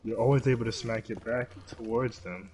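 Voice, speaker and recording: A young man giving live gameplay commentary as a streamer, excitable, yelping and swearing at the game. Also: medium pitch, normal speed, slight background noise. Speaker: gaming streamer.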